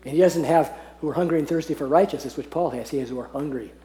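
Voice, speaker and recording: A man teaching a Bible passage to a group, earnest and often laughing, slowing down to read verses aloud. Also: on the high side, dark tone. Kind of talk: teaching talk on scripture. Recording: echoey room.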